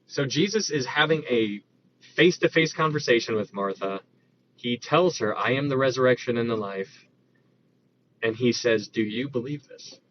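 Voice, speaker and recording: Male Bible teacher, relaxed conversational delivery, restarts and reads verses; muffled lo-fi audio. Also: mid-range voice, normal speed. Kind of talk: casual Bible study teaching. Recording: dull lo-fi recording with faint noise.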